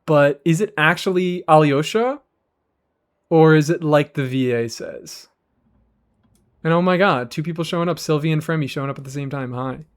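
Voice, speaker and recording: A man streaming a game live, chatting casually with his audience in an animated, rambling way and swearing freely. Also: fairly high pitch, moderate pace.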